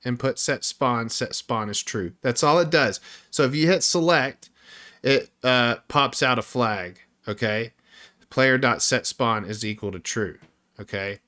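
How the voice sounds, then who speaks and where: Male indie dev streamer, sharp bright tone, profane and fed up, walks viewers through code. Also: mid-range voice, a little slow. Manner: frustrated, swears constantly, talks to viewers. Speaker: indie game developer streaming. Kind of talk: live coding stream, thinking aloud.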